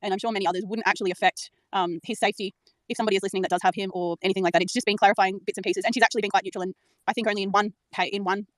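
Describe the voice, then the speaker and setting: A woman in a group audio chat, speaking hesitantly with many fillers and trying to calm things. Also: mid-range voice, very fast, dry recording. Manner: hesitant, filler-heavy, placating. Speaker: web sleuth in group chat.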